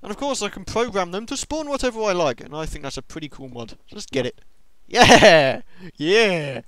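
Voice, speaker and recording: A young man giving excitable let's-play commentary on a game, talking to himself and to the monsters. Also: high voice, quick pace, no echo. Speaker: gaming video host.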